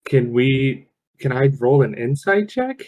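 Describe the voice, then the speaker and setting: A man's voice: medium pitch, lively intonation, unhurried, dark tone, poor audio. A man playing a tabletop game, unsure and restarting his questions as he describes his character's actions. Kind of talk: casual game chat.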